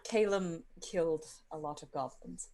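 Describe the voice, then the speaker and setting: Woman player, deep for her sex, loose rambling table talk. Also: a little slow, warm tone. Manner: rambling, with fillers and restarts. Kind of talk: casual tabletop game chat.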